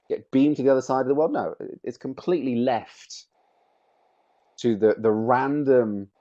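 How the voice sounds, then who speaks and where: A man's voice: mid-range voice, darkish tone, muffled recording. Man giving an emphatic webinar talk. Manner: emphatic, varies stress on words to make points. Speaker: webinar presenter. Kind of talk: webinar presentation.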